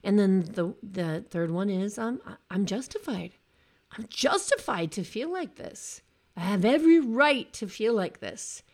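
A woman's voice: mid-range voice, lively intonation, measured pace, darkish tone. A woman coaching cancer survivors in an earnest motivational talk, often acting out her clients' words.

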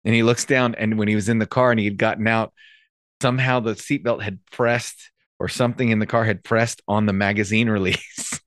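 A man hosting a casual chat, telling work stories with a joking, animated manner. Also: on the low side, a little fast, dry recording, studio quality. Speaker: podcast host, police officer.

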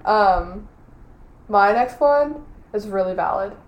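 A woman's voice: mid-range voice, animated, slow, highs cut off. A young woman co-hosting a podcast in a casual chat, talking with exaggerated outrage and laughing often. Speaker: podcast co-host. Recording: roomy echo.

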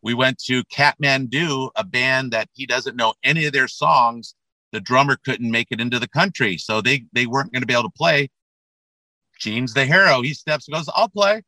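A middle-aged man talks loosely as an interview guest, circling back and repeating his words as he goes. His voice is bright and forward, and the sound is dry and close, with no room around it. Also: mid-range voice, moderate pace, no room sound, poor audio. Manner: rambling, repeats words, many fillers. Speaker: metal band frontman and guest. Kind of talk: casual interview chat.

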